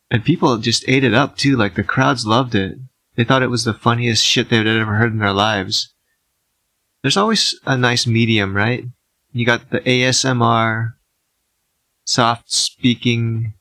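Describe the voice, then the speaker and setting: A young man hosting an ASMR podcast, rambling slowly and quietly with wry asides. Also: no room sound. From United States, outside the South. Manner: slow, low-key rambling with wry asides. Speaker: podcast host. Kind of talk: soft-spoken ASMR podcast monologue.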